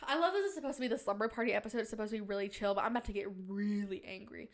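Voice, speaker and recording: A woman's voice: mid-range voice, racing. A woman hosting a podcast in casual, rambling chat, giggly, with playful mock-indignant rants. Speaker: podcast host.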